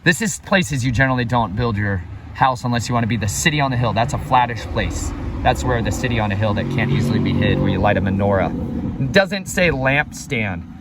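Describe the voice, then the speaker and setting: A man with a middle-pitched voice talks in an excitable, sermon-like way, exclaiming at what he sees. Clear vehicle noise runs under his voice throughout. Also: fairly quick. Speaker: vlogger. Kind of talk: preachy outdoor travel vlog.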